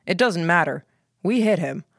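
A woman's voice: lowish voice, lively intonation, normal speed, vocal fry, no echo, clean studio sound. A woman reading the part of a stern, calculating male military commander in an audiobook, giving clipped orders. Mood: commanding. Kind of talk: audiobook character voice.

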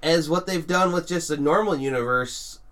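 A man's voice: on the high side, normal speed, fairly bright tone. A man co-hosting a casual podcast chat. He gets opinionated and rants at length. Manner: opinionated, ranting. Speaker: podcast co-host.

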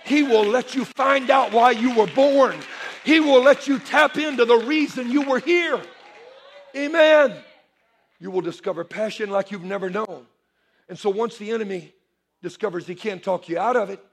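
A male pastor preaching a sermon to a congregation in church, animated and building to shouted calls for response. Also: sits high, moderate pace, creaky, breathy edge.

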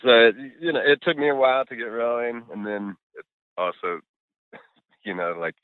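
Lively intonation and a smooth, medium-pitched voice at normal speed mark this middle-aged musician guest. Chatting casually in a call interview, he rambles easily, with many fillers and the occasional curse. The recording is dry, over a tinny phone-like remote line.

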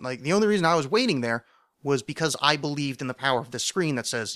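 A man hosting a podcast, telling a comic story in a sardonic, self-mocking way, with mumbled asides and loud animated bursts. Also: mid-range voice, quick pace, no room sound, clean studio sound. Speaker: podcast host. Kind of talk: comedic storytelling monologue.

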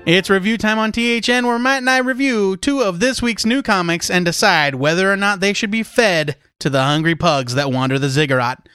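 A man co-hosting a casual comics podcast, talking excitably and rambling with lots of "like". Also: high voice, fairly quick, hardly any pauses, smooth, soft background music. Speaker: podcast co-host.

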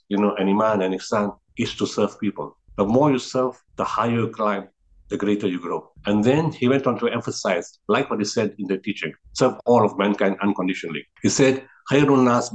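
A man's voice: lowish voice, low-quality recording. A middle-aged man with a South African accent, telling stories in an interview, earnest and repetitive for emphasis. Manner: earnest, repeats words for emphasis, frequent restarts. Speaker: guest, founder of a relief organization. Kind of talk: reflective interview storytelling.

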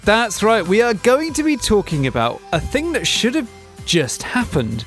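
A man's voice: high-pitched, big pitch swings, moderate pace, fairly bright tone, soft background music. A man co-hosting a weekly podcast, chatting in a playful, bouncy way full of wordplay. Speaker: podcast co-host. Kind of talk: casual banter.

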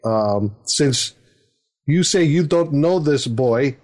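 A man's voice: medium pitch, lively intonation, takes it slowly, darkish tone. A man putting on an outraged old father with a put-on Eastern European accent. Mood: commanding. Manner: exclaiming, indignant.

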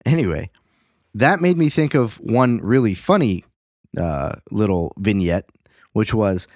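Animated, swearing young man. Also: on the low side, unhurried, dry recording, clean studio sound. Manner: rambling, profane, animated. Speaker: podcast host. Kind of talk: casual chat.

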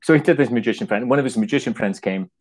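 Man from Canada, a guest telling a story with animated energy and frequent laughter. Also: mid-range voice, rapid-fire, low-quality recording. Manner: animated, laughing often, many restarts. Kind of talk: anecdotal storytelling.

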